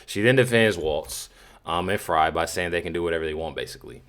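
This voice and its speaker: A man's voice: low voice, a little fast, fairly bright tone. A young man hosting casual reaction commentary, full of fillers and repeating himself. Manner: repetitive, lots of "you know" fillers. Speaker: commentary channel host.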